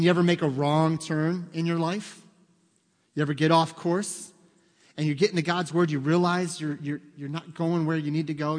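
A man preaching in a church, his voice pitched a touch high and trailing a long reverb through the hall. He talks conversationally, like telling a story to friends, and keeps checking in with "okay?" and "right?". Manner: animated storytelling with acted quotes. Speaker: pastor. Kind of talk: sermon.

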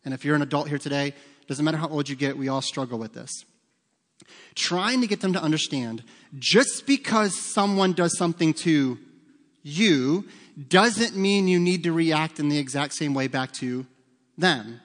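A man's voice: a little high, lively intonation, normal speed, fairly bright tone. A middle-aged man preaching a sermon as pastor, talking to the congregation in a conversational, humorous storytelling way with asides to the listeners. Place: church sanctuary. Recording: long hall reverb.

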